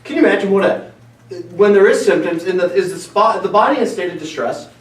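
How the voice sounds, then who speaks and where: A man hosting a casual clinic presentation as a chiropractor, animated and breaking in with asides. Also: sits high, fast, slight background noise. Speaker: chiropractor host. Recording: echoey room from far off.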